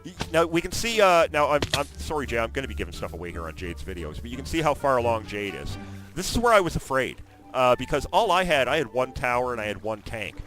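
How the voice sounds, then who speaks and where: A man giving chatty, excitable commentary on his own video game session, breaking into loud exclamations now and then. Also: medium pitch, fast talker. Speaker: gaming video host. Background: background music.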